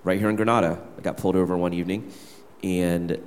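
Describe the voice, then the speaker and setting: A man's voice: deep voice, steady tone, fast talker, slight background noise. A young man, a worship leader, candidly telling a personal story to his church gathering. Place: church hall. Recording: reverberant hall.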